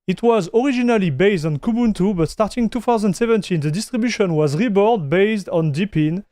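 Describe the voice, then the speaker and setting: Guy on a live stream greeting chat, kinda high voice, clean and smooth, lots of restarts. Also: brisk, warm tone, no room sound, studio quality. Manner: chatty, greets viewers, reads chat aloud; frequent restarts and fillers.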